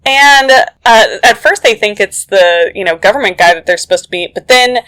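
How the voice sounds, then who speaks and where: Woman podcast co-host recapping a film, bright and lively, talks with lots of "like". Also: medium pitch, normal speed. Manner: chatty, animated retelling with lots of "like". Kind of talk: casual movie recap chat.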